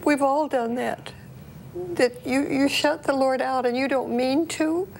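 A woman's voice: high voice, steady tone, unhurried, gravelly, a little mellow, a little hiss or hum, low-quality recording. A woman hosting an interview, pointedly drawing a lesson from her guest's story for the listeners. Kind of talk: interview talk.

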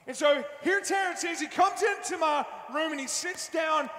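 A man giving a fervent, loud youth sermon, slangy and direct with his listeners. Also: extremely high pitch, normal speed. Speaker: youth speaker. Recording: echoey hall with long reverb.

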